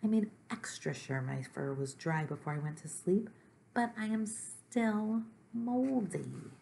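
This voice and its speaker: A woman's voice: medium pitch, lively intonation, slow, gravelly, mellow, a little hiss or hum, voice pushed up. A woman doing a weepy little moldy monster. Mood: despairing. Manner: wailing, pleading. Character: sad moldy young male monster, whiny and tearful.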